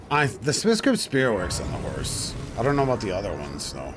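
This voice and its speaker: A man's voice: on the low side, wildly swooping pitch, fairly quick, few pauses, noisy background. A man streaming a game, casual and laid-back, swearing often and sounding tired and yawning. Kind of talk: casual live-stream commentary.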